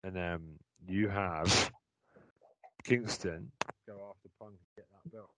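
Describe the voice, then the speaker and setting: A man's voice: low voice, takes it slowly, very noisy. A man in casual chat, blunt and sweary, mocking as he talks.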